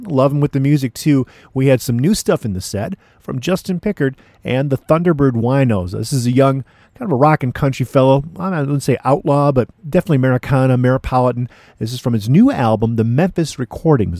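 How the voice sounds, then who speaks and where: A male radio DJ with a mellow, darker voice talks in a relaxed, rambling way between records, often pausing on "uh" and "you know." His pitch sits in an ordinary middle range. The recording is dry and close, with no room sound. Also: no echo. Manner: laid-back and chatty, with frequent "uh" and "you know". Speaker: radio DJ host.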